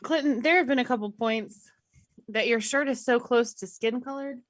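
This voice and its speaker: Mujer de voz algo aguda y burlona. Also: female voice, a little high, normal speed, no echo. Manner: teasing, laughs often. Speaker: podcast co-host. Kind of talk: casual live-stream chat.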